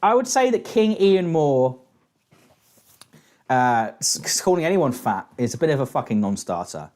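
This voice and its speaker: A man's voice: mid-range voice, very animated, moderate pace, darkish tone. A British man reacting to a clip with mocking, profane, rambling commentary and frequent laughter. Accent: British English.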